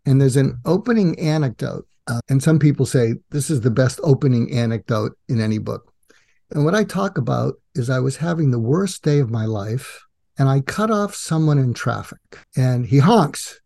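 Older male guest, author, animated storyteller. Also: medium pitch. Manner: animated storyteller acting out quoted dialogue. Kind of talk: casual storytelling interview.

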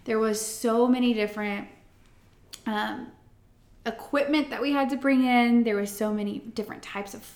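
A woman co-hosting a podcast, telling a long story in an animated casual way, full of "like" fillers. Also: fairly high pitch, moderate pace, roomy sound. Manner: animated storyteller, acts out quotes, many "like" fillers. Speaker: podcast co-host, event florist.

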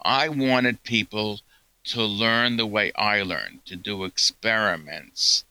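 A man's voice: fairly low pitch, takes it slowly, bright, forceful tone, clean tone, dry recording, low-quality recording. A man being interviewed as a guest scientist, answering earnestly and telling stories, often quoting what others said. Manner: earnest, storytelling, quotes others.

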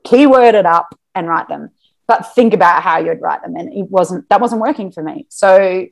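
A woman's voice: on the low side, normal speed, creaky. Chatty woman, lots of fillers. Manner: chatty and animated, many fillers. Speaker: podcast guest, marketing business owner. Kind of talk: casual interview chat.

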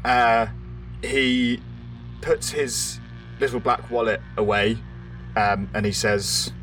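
A man narrating a tabletop role-playing game as game master, relaxed and chatty. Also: medium pitch, slow pace, soft background music. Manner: relaxed, chatty, often laughing.

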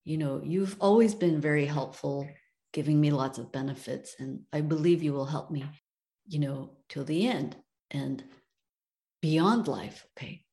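A woman voicing an old, wealthy, sick husband who pleads with his wives, in a slow and low voice. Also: dark tone. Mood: pleading.

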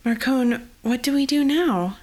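A woman's voice: sits high, a little slow, a little mellow, voice pushed up. A woman voicing a courteous, earnest young noblewoman heroine.

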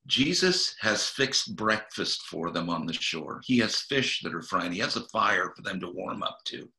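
A man, a guest minister, earnestly retelling a Bible story in an interview, with halting restarts, and acting out the quotes. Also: lowish voice, pushed and bright. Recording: echoey room.

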